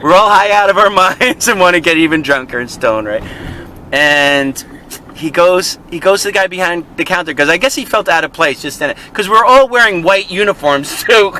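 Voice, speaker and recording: His voice is high and animated, sharp in tone and at a normal speed, captured on a rough recording. He's a man co-hosting a vlog, chatting from his car in traffic, rambling through a story with plenty of laughter.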